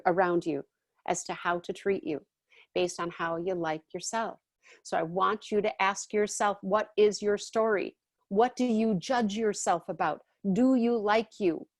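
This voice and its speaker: A woman's voice: medium pitch, no room sound. Chatty woman teaching a class, dry sound. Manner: chatty, often checks in with "okay?" and "all right?".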